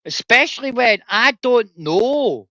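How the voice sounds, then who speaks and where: A man with a broad Edinburgh accent holds forth in a profane, confrontational rant, swinging between loud outbursts and low mutters. His voice is hard-edged and forceful, with a lively pitch. The stream audio is dry and muffled, with no room sound. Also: slow pace, no echo. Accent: Scottish, Edinburgh. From Scotland. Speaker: streamer, former soldier. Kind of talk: ranting livestream monologue.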